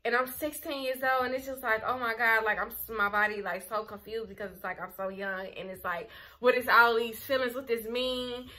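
A young adult woman telling a personal story on her vlog, candid and animated, full of filler words. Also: on the high side, a little fast. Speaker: vlogger. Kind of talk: casual storytime.

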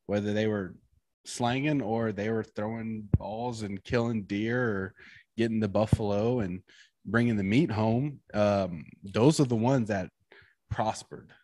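A man's voice: on the low side, measured pace, darkish tone, no echo. A man co-hosting a podcast in casual banter, making emphatic points and dropping his voice to land them. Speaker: podcast guest co-host.

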